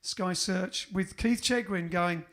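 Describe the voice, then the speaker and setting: A man's voice: high voice, takes it slowly, fairly bright tone. An English man, a bandleader hosting a livestream, chatting casually in a jokey, rambling way and correcting himself as he goes. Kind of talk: casual chat.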